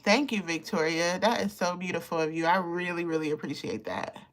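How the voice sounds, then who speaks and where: A woman around fifty hosts a casual live makeup chat. She talks warmly to her viewers, laughs often and gets emotional as she applies her makeup. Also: on the low side, expressive, a little fast. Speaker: beauty livestream host.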